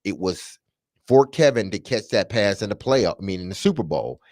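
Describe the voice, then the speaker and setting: A man co-hosting sports talk radio, telling stories in a casual, animated way and laughing often. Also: lowish voice, moderate pace, no echo, clean studio sound. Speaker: sports radio co-host, former player.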